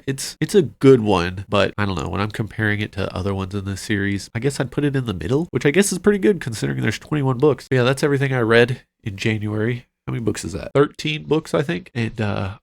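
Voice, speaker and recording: A man hosting a casual book wrap-up vlog, chatty and rambling, with frequent fillers and quick asides. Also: on the low side, vocal fry. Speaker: book channel host.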